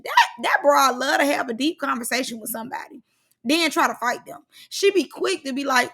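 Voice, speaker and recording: A young woman giving sassy, slangy casual commentary on a reality show, animated and quick to joke. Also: high-pitched.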